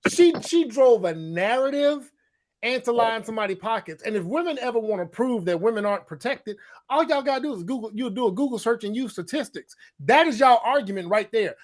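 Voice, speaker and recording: With a very high-pitched, expressive voice and a fairly quick delivery, this man co-hosts a relaxed discussion podcast. He makes his points emphatically, says things more than once, and performs the quotes he cites.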